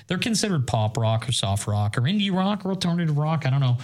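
A man's voice: fairly high pitch, lively intonation, fast, darkish tone. Chatty, eager man from Northern Ireland. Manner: chatty, enthusiastic, rambling with fillers. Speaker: podcast co-host. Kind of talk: casual chat.

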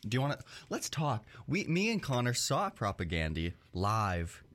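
A man's voice: mid-range voice, huge pitch swings, moderate pace, a bit bright. A young man hosting a casual radio show from a small studio, joking and teasing his guest.

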